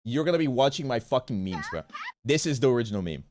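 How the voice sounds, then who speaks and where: A man's voice: medium pitch, sing-song, fast talker. A man streaming a watch party who rants in casual chat, swearing often and repeating himself. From Bosnia.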